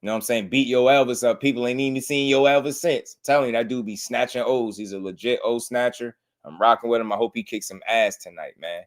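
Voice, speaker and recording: A man's voice: mid-range voice, fast talker, hardly any pauses. A man, hosting a casual boxing livestream and chatting loosely with his viewers. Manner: loose and talkative, slangy.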